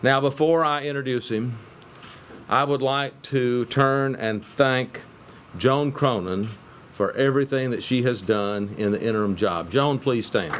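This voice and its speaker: Formal middle-aged man with faint room hiss. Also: mid-range voice. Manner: measured, formal, with light humor. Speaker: university chancellor. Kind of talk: formal introduction at a press conference.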